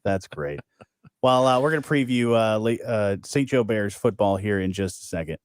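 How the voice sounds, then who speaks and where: A man's voice: lowish voice, animated, moderate pace, smooth, dry recording, studio quality. A man co-hosting a morning radio show, bantering casually in an upbeat, jokey, self-deprecating way.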